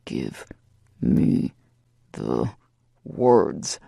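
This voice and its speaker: A dominant, commanding man speaks in a low, gruff voice, played by a woman narrator. Each demand comes slow and deliberate, with a gravelly rasp. The sound is close and dry. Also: lively intonation, dark tone, dry recording, full character voice.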